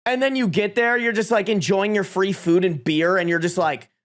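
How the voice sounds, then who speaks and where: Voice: mid-range voice, normal speed. A live streamer reading Reddit posts aloud to chat, with reactions. Swears freely and laughs often. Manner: talks to chat.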